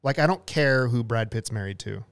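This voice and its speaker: Male co-host, mid-pitched, self-deprecating rambler, dry booth sound. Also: moderate pace, clear, resonant tone, no echo. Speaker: podcast co-host. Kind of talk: casual chat.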